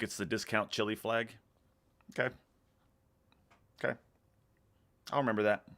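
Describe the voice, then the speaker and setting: Drinking beer and chuckling, a Texas-accented man casually reads viewer comments aloud on his livestream. His voice is lowish with a fairly bright tone.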